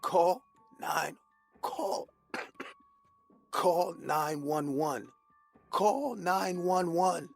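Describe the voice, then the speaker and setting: A man voicing a cruel, irritable old woman caretaker in a storybook horror tale, with a sharp, snappish delivery. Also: fairly high pitch, extremely slow, vocal fry, long pauses, soft background music, voice pushed up, full character voice. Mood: choking.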